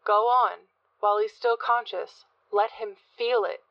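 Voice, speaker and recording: A woman's voice: mid-range voice, a little slow, no echo, dull audio, close to an everyday voice. A woman doing a gleeful, coaxing psychopath. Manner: eager and coaxing. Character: gleeful psychopathic man Rich.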